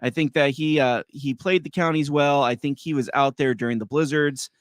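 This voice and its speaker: Man, mid-pitched podcast co-host, halting, repetitive delivery. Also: dry recording, clean studio sound. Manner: hesitant, repeats words when starting. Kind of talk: casual political chat.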